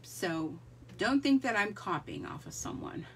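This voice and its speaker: A woman's voice: medium pitch, animated, a little slow, recorded from a distance, a little hiss or hum. A middle-aged woman hosting a live crafting stream, chatting casually and greeting viewers by name. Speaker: livestream crafting host.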